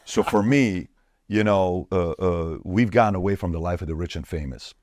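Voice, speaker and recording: Emphatic entrepreneur guest, low-pitched, dry close mic. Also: male voice, normal speed, a little mellow, no echo. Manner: emphatic and repetitive, punchy lists. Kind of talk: podcast interview answers.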